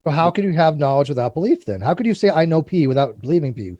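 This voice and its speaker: A man's voice: on the high side, big pitch swings, fast talker, warm tone, lo-fi sound. A man hosting a live call-in debate, confrontational and swearing, hammering the same demand over and over. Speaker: host of a call-in debate stream.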